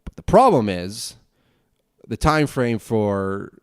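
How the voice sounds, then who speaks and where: A young man hosting a casual solo podcast, rambling quickly with lots of restarts and swearing. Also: fairly low pitch, very animated, smooth, no room sound, clean studio sound. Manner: fast rambling talk, frequent swearing and restarts. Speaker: podcast host and broadcasting student.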